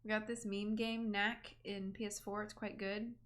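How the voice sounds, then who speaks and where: A woman's voice: medium pitch, flat delivery, normal speed, fairly bright tone. A woman streaming a game, chatting casually and reading out the choices.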